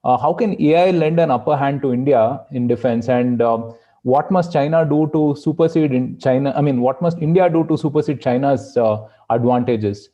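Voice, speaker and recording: A man's voice: medium pitch, moderate pace, few pauses, dark tone, lo-fi sound. A man hosting a podcast, asking a long question with hesitant fillers. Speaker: podcast host. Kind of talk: interview questions.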